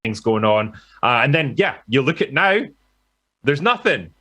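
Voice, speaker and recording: A man's voice: mid-range voice, very animated, pushed and bright, breathy edge. A British man talking about films in a podcast chat, with many fillers and restarts. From Britain. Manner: halting, filler-heavy. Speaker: film commentator guest. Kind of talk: podcast conversation.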